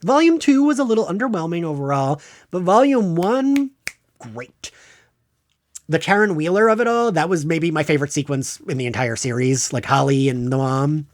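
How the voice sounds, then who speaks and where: A man hosting a podcast, counting down his favorite shows of the year in a casual, gushing, enthusiastic way. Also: normal speed. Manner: gushing, enthusiastic fan talk with excited jumps in pitch. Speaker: podcast host. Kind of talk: casual pop-culture countdown monologue.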